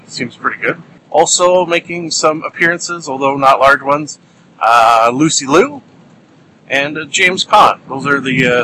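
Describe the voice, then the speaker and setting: Male podcast host, recording in his car; bright voice, joking and rambling with lots of ums. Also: mid-range voice, a little hiss or hum, poor audio. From Ontario, Canada. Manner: playful, drags words out for comic emphasis, many fillers. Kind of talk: casual solo podcast monologue. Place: car, while driving in sleet.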